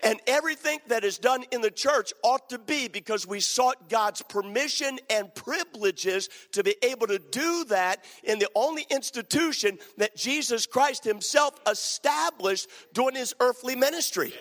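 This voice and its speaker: A pastor preaching a sermon, building emphasis through repeated phrases. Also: male voice, very high-pitched, expressive, normal speed, few pauses, a bit bright, long reverb tail. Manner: emphatic, repetitive preaching cadence.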